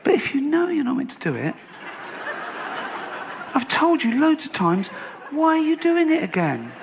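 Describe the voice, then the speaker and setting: A man putting on a squeaky, exasperated scolding voice in a stand-up bit. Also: huge pitch swings, normal speed, creaky, background noise, exaggerated voice.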